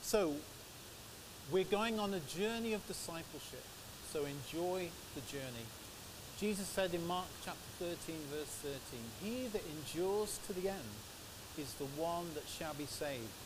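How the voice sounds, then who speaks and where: A man's voice: on the high side, unhurried. An English man giving a church sermon into a microphone, telling personal stories in a chatty, anecdotal way. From England. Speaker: preacher. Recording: steady background hiss.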